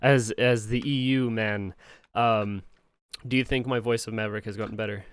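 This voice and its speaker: A man chatting on a podcast, halting and stumbling over words. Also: fairly low pitch, steady tone, clear, resonant tone. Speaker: podcast cast member. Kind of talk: casual podcast chat.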